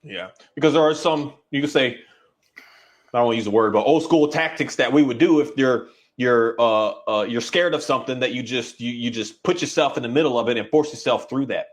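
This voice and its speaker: A man who works as a dog trainer, talking in a casual, rambling and halting way, now and then voicing his dog's thoughts. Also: mid-range voice. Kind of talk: casual conversation.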